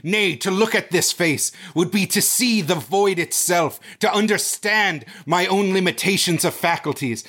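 A man's voice: sits high, measured pace, hardly any pauses, a bit bright, pitched above the performer's own voice. A man acting out a terrified narrator in an old-fashioned horror tale, with grave, archaic phrasing. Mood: dread. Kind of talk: mock horror reading.

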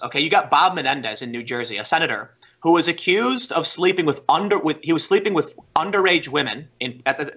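A man talking as a podcast guest, telling a story in animated, casual chat full of "like" and restarts. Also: on the high side, slightly rough.

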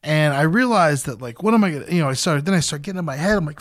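A young man talks through a rambling story, cursing as he goes, in a voice that sits a bit higher than most men's. The sound is dry and close, with no room around it. He circles back and restarts sentences often. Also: lively intonation, rapid-fire, hardly any pauses, no echo. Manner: loose and profane, jumps into loud hype-man shouting when retelling. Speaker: podcast host. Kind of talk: casual storytelling.

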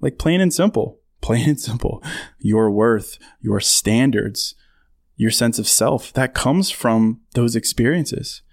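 This man runs a casual solo podcast, taking it slowly in a medium-pitched voice over clean, echo-free studio sound. He laughs a lot, fills his speech with fillers, and mimics voices for quotes.

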